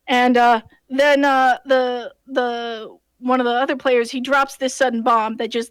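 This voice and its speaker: A woman game master casually retelling a tabletop session in an animated way, with many fillers and restarts. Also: on the high side, normal speed, hardly any pauses, clean tone, no echo. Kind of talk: casual storytelling.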